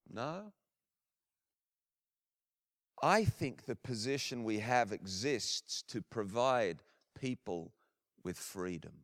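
A man preaching a sermon as a minister, earnest and animated, often restarting his phrases. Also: on the low side, slow pace, long pauses, dry recording, clean studio sound.

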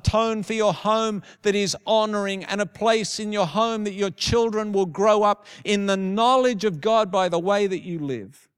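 High-voiced pastor preaching. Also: male voice, clear, resonant tone. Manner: storytelling, emphatic, repeats phrases. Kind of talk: sermon.

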